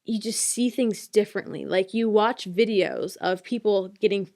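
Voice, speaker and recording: A woman's voice: medium pitch, moderate pace, mellow. Young woman podcast host, chatty and emotional, lots of likes and ums. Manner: emotional, heartfelt, rambling with many fillers. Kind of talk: casual chat.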